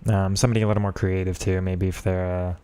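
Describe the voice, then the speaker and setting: A man's voice: deep voice, level tone, fast, mellow, clear, resonant tone, no echo. A man streaming a football video game, talking casually and with frustration at the match while chatting with viewers. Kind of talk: casual gaming commentary.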